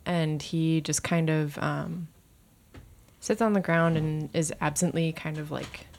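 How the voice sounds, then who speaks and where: A woman's voice: deep voice, level tone, takes it slowly, vocal fry, a little mellow. A woman describing her character's actions as a player in a tabletop game, casually and with fillers. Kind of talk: tabletop role-play.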